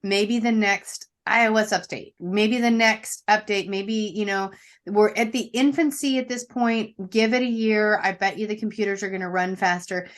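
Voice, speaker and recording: A woman's voice: mid-range voice, steady tone, moderate pace. A woman hosting an interview, reflecting enthusiastically on her guest's story. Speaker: podcast host. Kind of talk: casual interview chat.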